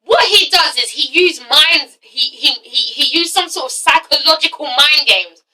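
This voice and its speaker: High bright-voiced woman ranting. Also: normal speed, recorded from a distance, low-quality recording. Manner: blunt, profane, exasperated. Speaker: TV review vlogger. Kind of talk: casual ranting review.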